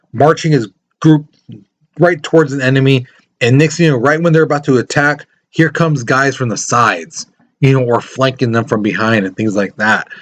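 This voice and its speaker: A man teaching a history lesson in a casual, conversational way, full of asides and fillers. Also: medium pitch. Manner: conversational, many fillers like "you know" and "things like that". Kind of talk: casual classroom lecture.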